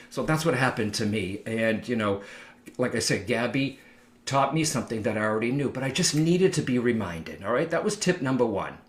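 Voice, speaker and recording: A man with a mid-range voice, heard in a reverberant space, talks casually to viewers as a psychic medium giving advice, frequently checking in with "all right?".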